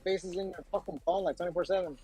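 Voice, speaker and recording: A man's voice: high voice, steady tone, quick pace, warm tone, husky, soft background music, poor audio. A man complaining in casual chat, swearing casually.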